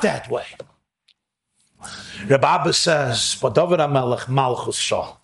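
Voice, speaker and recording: A man giving a sermon as a storytelling rabbi, animated and rising to shouts at emotional peaks, sprinkling in Yiddish and Hebrew phrases. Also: mid-range voice, moderate pace, vocal fry, pauses often.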